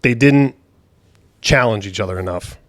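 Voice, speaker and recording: A man's voice: fairly low pitch, normal speed, fairly bright tone, no room sound, studio quality. A man co-hosting a podcast in casual political chat, talking bluntly and swearing freely. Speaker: podcast co-host.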